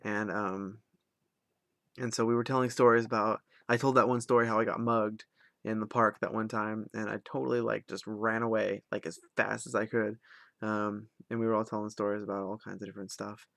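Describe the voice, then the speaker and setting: A man's voice: lowish voice, flat delivery, a little fast, creaky, a bit bright, dry recording, clean studio sound. Young man rambling through a vlog story. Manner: rambling, lots of ums and likes. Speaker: vlogger.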